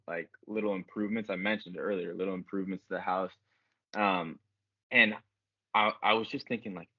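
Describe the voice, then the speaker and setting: A man co-hosting a casual podcast, telling stories in an animated, profane way. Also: lowish voice, no echo, lo-fi sound. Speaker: podcast co-host. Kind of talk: casual chat.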